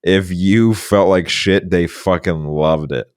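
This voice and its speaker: Young man with a very deep voice. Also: fairly even intonation, darkish tone, clear, resonant tone, no echo, studio quality. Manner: laid-back, profane, drawn-out musing. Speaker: podcast co-host. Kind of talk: casual chat.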